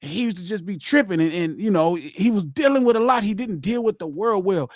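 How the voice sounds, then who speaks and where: A man hosting a podcast, telling a personal story in casual chat, animated and repetitive, acting out what people said. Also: sits high, fairly quick, dry recording, studio quality. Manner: animated, repeats himself, acts out quotes. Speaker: podcast host.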